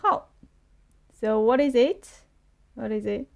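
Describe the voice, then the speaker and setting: Woman teacher, Chinese accent, fairly high voice with a gravelly edge, slow and patient delivery. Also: expressive, a little mellow. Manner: slow, patient, repeats words for learners. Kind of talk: live online language lesson.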